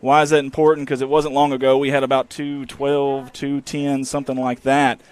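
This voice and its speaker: A man hosting a live high school football pregame show from the press box, folksy and rambling with teasing asides. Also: little pitch movement, moderate pace, darkish tone, smooth. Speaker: sports broadcast host.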